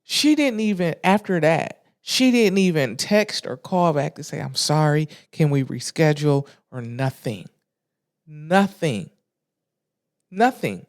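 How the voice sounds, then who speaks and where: A podcast host telling a story in casual, animated talk, exasperated, with slang and frequent restarts. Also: mid-range voice, a little slow.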